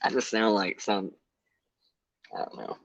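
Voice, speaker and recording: A man's voice: fairly low pitch, very animated, unhurried, gravelly, dry recording, lo-fi sound. A man from Alabama with an Alabama accent, a panel guest chatting casually online in a drawling, profane way and laughing at himself.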